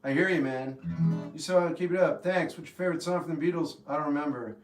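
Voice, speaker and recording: Deadpan man, echoey room. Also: fairly high pitch, quick pace. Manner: deadpan, laconic short answers. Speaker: livestream host answering chat. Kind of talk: casual chat. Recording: echoey room with guitar behind.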